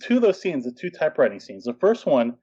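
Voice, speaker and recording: A man's voice: on the high side, big pitch swings, fast talker, warm tone, husky, muffled recording. Man co-host breaking down scenes. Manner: analytical, acts out characters' lines. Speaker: podcast co-host. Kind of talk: casual film discussion.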